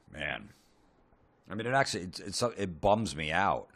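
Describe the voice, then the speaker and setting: A man hosting a comedy podcast, ranting sarcastically with lots of swearing and deadpan asides. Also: low-pitched, slow, vocal fry.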